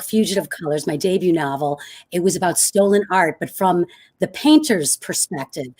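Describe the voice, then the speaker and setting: A woman in her fifties with a low, smoky voice, speaking as an author guest on a video call, telling her story fluently and with energy. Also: a little mellow. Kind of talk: conversational interview.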